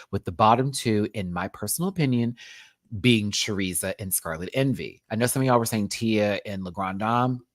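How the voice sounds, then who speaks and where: A man hosting a casual live-stream review, chatty and sassy, calling viewers honey and child, often swooping up into high exclamations. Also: a bit bright, dry recording, clean studio sound. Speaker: show review host.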